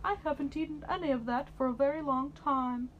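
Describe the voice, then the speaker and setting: A woman voicing a gentle, polite male dinosaur while reading a picture book aloud, in a sweet lilting voice. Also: high-pitched, a little fast, phone-quality sound, slight background noise, pitched above the performer's own voice, close to an everyday voice. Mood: friendly.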